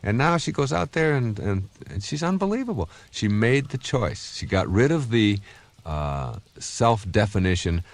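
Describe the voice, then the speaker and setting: Deep-voiced man giving a lively self-help talk. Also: normal speed, no echo. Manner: conversational and anecdotal, earnest. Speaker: self-help author and speaker.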